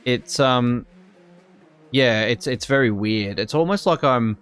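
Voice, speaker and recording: A man's voice: medium pitch, slow pace, fairly bright tone, smooth, faint music behind. A young Australian man telling a work story in a casual, rambling way, full of fillers and restarts and getting indignant. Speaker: streamer.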